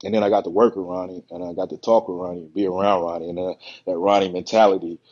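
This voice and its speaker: A man who is a bodybuilder and podcast guest, telling stories in a relaxed, rambling way and acting out the quotes. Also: low-pitched, quick pace. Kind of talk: casual storytelling on a podcast. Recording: muffled lo-fi podcast audio.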